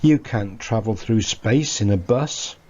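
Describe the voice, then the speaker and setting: A man's voice: lowish voice, unhurried, dark tone, dull audio. A man doing an eager, bossy little boy. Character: excited young earth boy at the beach.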